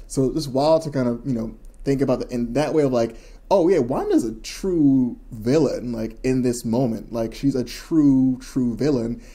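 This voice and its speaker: A man's voice: mid-range voice, normal speed, dark tone. A man co-hosting a podcast, talking in a loose, rambling, enthusiastic way with lots of fillers. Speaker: podcast co-host. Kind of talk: casual chat.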